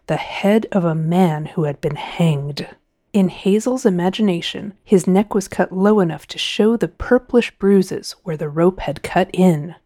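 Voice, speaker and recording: Brief: female audiobook narrator, warm and mellow, dry close-mic studio sound. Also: on the low side, no echo. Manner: expressive, measured storytelling. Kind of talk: scripted narration.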